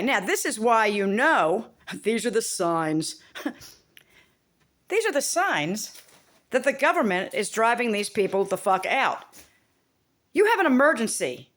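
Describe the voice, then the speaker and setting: A woman's voice: on the high side, a bit bright. A woman vlogger talking to camera in a rambling, profane, exasperated rant.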